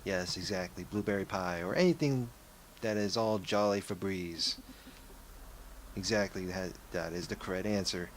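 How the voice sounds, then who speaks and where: A man's voice: deep voice, normal speed, a little hiss or hum. A young man giving casual gameplay commentary, rambling and often correcting himself. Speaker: let's play gamer.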